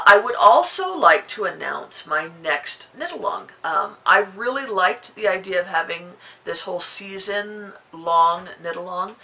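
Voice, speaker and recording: A woman's voice: fairly low pitch, gravelly, bright, forceful tone, low-quality recording. A woman in her forties hosting her knitting podcast, chatting casually to the camera and rambling with lots of fillers. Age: 40s.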